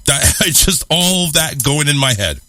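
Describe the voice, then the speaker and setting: A man with a bright, forward voice tells a rambling, self-mocking story in casual talk-show chat. He swears freely and keeps things lively. His voice sounds close and dry. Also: fairly high pitch, normal speed, dry recording. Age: adult, married. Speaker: radio show host.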